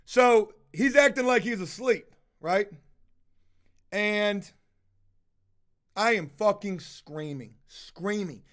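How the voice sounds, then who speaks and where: A man rants straight to his viewers, swearing nonstop. He speaks loudly and belligerently, calls the audience folks, and pushes every line hard. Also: sits high, animated, slow. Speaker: video host. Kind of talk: profane ranting storytime.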